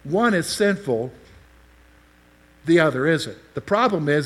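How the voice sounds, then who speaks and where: A man's voice: a little high, lively intonation, moderate pace, long pauses, breathy edge. A man preaching a sermon, explaining scripture and asking the listeners questions as he teaches. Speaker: pastor.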